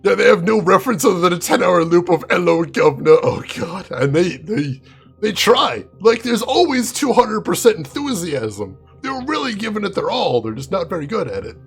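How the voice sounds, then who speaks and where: Gravelly, lively-voiced man streaming games. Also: sits high, normal speed, faint music behind. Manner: chatty, laughs often, answers viewers by name. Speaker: game streamer reading chat. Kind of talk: casual live-stream chat.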